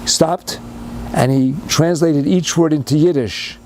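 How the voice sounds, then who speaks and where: A man's voice: fairly high pitch, slow pace, a little mellow, slight background noise. An older man giving a storytelling sermon in English sprinkled with Yiddish and Hebrew words, building to emphatic, fervent passages. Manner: retells a story with rising, emphatic fervor. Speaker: speaker giving a Torah talk.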